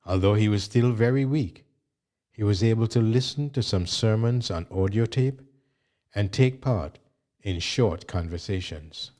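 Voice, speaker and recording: A man reading a memoir aloud in a measured, even narration. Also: lowish voice. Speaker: audiobook reader.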